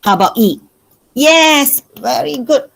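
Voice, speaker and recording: A woman's voice: sits high, animated, slow, vocal fry, fairly bright tone, low-quality recording. A woman maths teacher with a Malaysian accent, giving an online revision lesson and repeating her questions to coax answers from students. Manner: coaxing, asks questions over and over.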